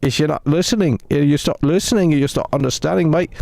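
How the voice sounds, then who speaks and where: A man's voice: medium pitch, moderate pace, darkish tone, lightly acted. A male streamer putting on a cheeky mock-British bloke voice, tacking "mate" and "cheers" onto nearly every line in bouncy, teasing live-stream banter.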